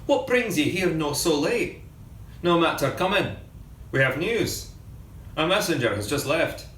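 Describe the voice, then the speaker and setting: Warm friendly plantation guy in a storybook, man reading him, roomy sound. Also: on the high side, sing-song, a little slow, recorded from a distance. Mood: surprised. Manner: warm, welcoming. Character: kindly older plantation owner, man.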